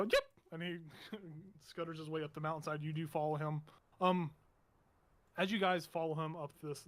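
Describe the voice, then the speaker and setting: A man narrating a tabletop game as game master in a meandering, halting way with many restarts. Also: on the high side. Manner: meandering, halting, self-correcting.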